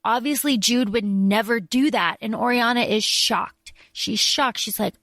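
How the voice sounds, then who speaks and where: A woman's voice: on the high side, measured pace, few pauses, a bit bright, dry recording. A woman co-hosting a podcast, explaining points with examples in casual chat. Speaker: podcast co-host.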